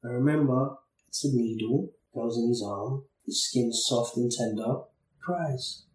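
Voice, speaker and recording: A man's voice: medium pitch, a little slow, a little mellow, distant mic. A man in his thirties hosting a podcast, telling personal stories in an earnest, thoughtful way and sometimes repeating words as he thinks. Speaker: podcast host. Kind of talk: reflective conversational storytelling. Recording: roomy sound, a little off-mic.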